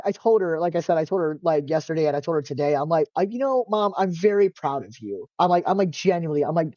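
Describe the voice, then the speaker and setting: Mellow-voiced man, casual and chatty. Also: fairly high pitch, dry recording, dull audio. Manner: casual, animated storytelling, heavy use of "like", swears freely. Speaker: podcast guest. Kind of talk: casual interview chat.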